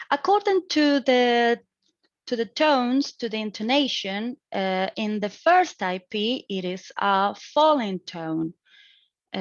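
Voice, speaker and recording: A young adult woman student explaining her recorded exam answer, with slow, deliberate phrasing, hesitant restarts and grammar slips. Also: mid-range voice, no echo. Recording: dry, dull lo-fi home recording.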